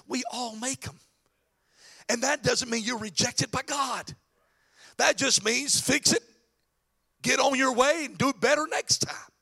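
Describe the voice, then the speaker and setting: A man preaching a sermon to his congregation, swinging between quiet asides and shouted exhortation. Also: extremely high pitch, unhurried, gravelly, long pauses, husky. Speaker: pastor.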